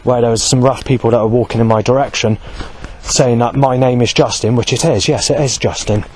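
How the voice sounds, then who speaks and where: A man's voice: mid-range voice, fairly even intonation, brisk, a little mellow, husky, rough recording. A man giving an angry, rambling spoken account, swearing heavily and correcting himself often. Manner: heavily profane, agitated, rambling with many self-corrections. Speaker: vlogger.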